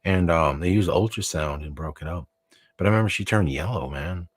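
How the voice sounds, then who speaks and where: A man's voice: low-pitched, brisk, breathy edge, no echo. A man hosting a live broadcast, rambling and joking in casual banter, swearing freely and restarting his sentences. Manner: rambling, joking, profane, frequent fillers and restarts. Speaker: show host.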